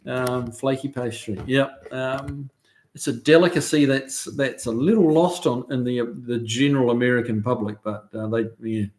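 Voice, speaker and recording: Man, middle-aged, New Zealand accent, live-stream host, casual chat, reading comments, relaxed, frequent fillers. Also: medium pitch, normal speed. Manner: relaxed and chatty, many ums and uhs, friendly banter. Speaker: car shop owner hosting a live stream.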